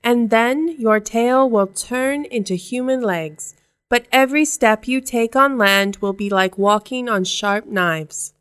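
A woman reading a storybook aloud and voicing a cunning old sea witch who speaks slowly and knowingly. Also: fairly high pitch, fairly bright tone, clear, resonant tone, no echo, studio quality. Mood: sly.

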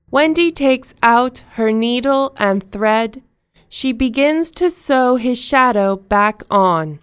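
Slow, clear woman storybook narrator. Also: on the high side, lively intonation, no room sound, clean studio sound. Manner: slow, simple, clearly spoken.

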